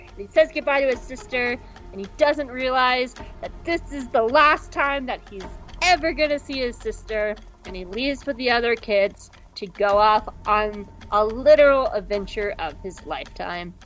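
A woman co-hosting a podcast, casually recapping an episode and acting out the characters in quick mock voices. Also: on the high side, a bit bright, highs cut off, faint music behind. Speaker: podcast co-host.

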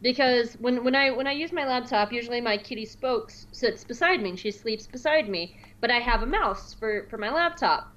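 Animated high-voiced woman podcaster. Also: moderate pace, few pauses, lo-fi sound. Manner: animated, laughing, acts out quotes in squeaky voices. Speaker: podcast co-host. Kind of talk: casual chat, recapping an episode.

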